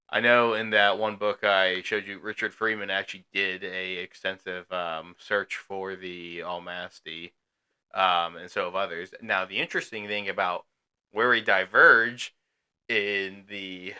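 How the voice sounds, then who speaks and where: A man's voice: on the low side, pushed and bright, clean tone. A man co-hosting a podcast in casual chat, rambling with many fillers and restarts. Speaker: podcast co-host.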